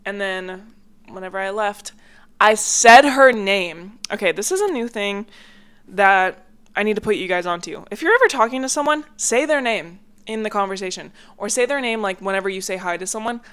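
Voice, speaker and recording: A woman's voice: mid-range voice, animated, moderate pace, a bit bright, clear, resonant tone. A young woman talking casually on her own podcast at home, rambling from thought to thought and full of filler words. Her voice sounds a little stuffy. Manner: chatty, rambling, lots of "like" fillers. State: a bit congested. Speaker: podcast host. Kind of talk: casual solo chat. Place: home, near a hallway.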